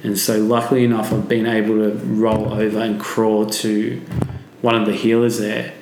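A man's voice: fairly low pitch, monotone, normal speed, darkish tone, a little hiss or hum. A man being interviewed as a podcast guest, telling a vivid personal story and swearing freely. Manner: vivid, swearing, acts out quotes. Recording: echoey room.

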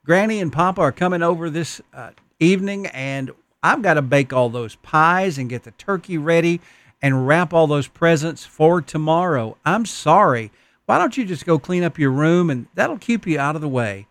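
A man's voice: fairly high pitch, lively intonation, normal speed, fairly bright tone, no room sound. A man voicing a busy young mother who hurriedly brushes off her little daughter.

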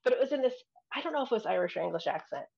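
A woman recounts a personal experience in casual conversation. She talks in an excitable, chatty way and giggles easily. Her voice comes through slightly dull and lo-fi. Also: on the high side, racing, creaky. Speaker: member asking questions. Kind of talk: casual chat.

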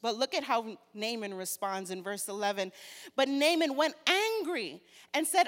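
A woman preacher giving a sermon and reading scripture aloud, slow and deliberate, turning animated as she retells the story. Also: a little high. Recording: long reverb of a large hall.

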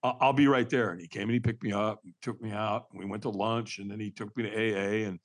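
Speaking fast in a fairly low voice, a man in his sixties opens up on a podcast about his personal life. He tells it with animated emphasis and laughs his way through difficult memories.

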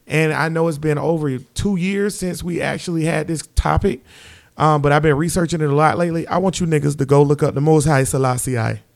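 A man co-hosting a casual podcast, talking loud and laughing a lot. His voice sits a bit higher than most men's. He jumps in over the others in easy banter. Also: steady tone, a little fast, creaky. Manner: loud, joking, laughs often. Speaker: podcast co-host.

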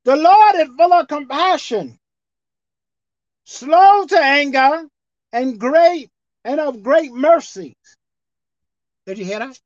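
Woman pastor, high expressive sermon voice, soft to shouting, dull dry recording. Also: slow, long pauses, dry recording. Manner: preaching with dramatic swings from soft to shouted.

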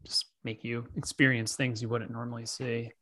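A man hosting a podcast, chatting in an easygoing, measured way. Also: mid-range voice, little pitch movement, bright, forceful tone, dry recording, studio quality. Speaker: podcast host. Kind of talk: casual chat.

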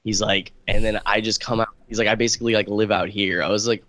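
A man's voice: fairly low pitch, flat delivery, fast, bright, forceful tone, dry recording, poor audio. A young man telling a long story in casual chat, rambling, with lots of filler words.

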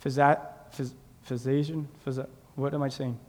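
A man preaching a sermon in a church, swinging between shouted, drawn-out lines and quiet, confiding asides. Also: mid-range voice, little pitch movement. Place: church sanctuary. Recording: long reverb in a large hall.

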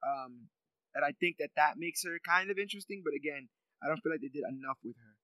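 A man's voice: a little high, fast, sharp tone, no room sound, poor audio. A man co-hosting a casual chat reviewing a TV series, talking in a thoughtful, reflective way with many filler ums. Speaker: podcast co-host.

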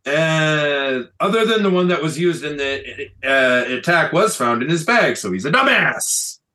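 A man's voice: fairly high pitch, measured pace. A man co-hosting a casual news podcast, reading stories aloud and swearing often in between. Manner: profane, animated, cuts in apologetically. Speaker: podcast co-host.

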